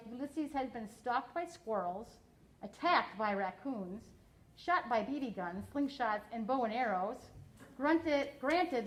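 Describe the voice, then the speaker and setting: A woman teacher reading a novel aloud to her class, expressive and slowing down for emphasis, pausing to ask students questions. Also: high voice, low-quality recording.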